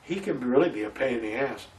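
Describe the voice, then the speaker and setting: Man, theater actor, interview guest, animated storytelling, frequent restarts, a bit off-mic. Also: mid-range voice, normal speed, vocal fry, recorded from a distance, slight background noise, poor audio. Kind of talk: casual interview.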